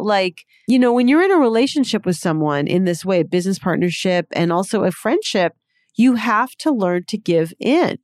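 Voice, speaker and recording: A woman's voice: mid-range voice, no room sound, clean studio sound. A woman guest, an investor, explaining her thinking at length in a reflective way. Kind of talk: conversational interview.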